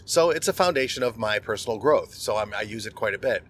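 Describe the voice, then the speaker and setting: A man's voice: fairly low pitch, expressive, fast talker, fairly bright tone. A middle-aged man, a podcast host, telling a personal story in a candid, conversational monologue and often restarting words.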